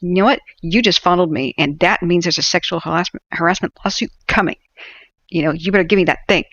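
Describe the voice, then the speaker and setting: A woman's voice: high voice, normal speed, pitched above the performer's own voice, close to an everyday voice. A woman voicing an entitled, manipulative middle-aged woman who wheedles and then threatens to get what she wants. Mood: loud threatening. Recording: dull lo-fi audio.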